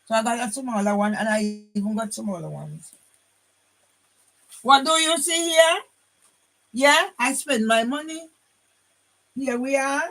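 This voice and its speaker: A woman's voice: on the high side, fairly bright tone, low-quality recording. An older woman vlogs to her phone camera in a combative, rambling way. She restarts her sentences and keeps throwing in a challenging "yeah?". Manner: combative, repeats tag question "yeah?". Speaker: vlogger. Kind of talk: casual monologue to camera.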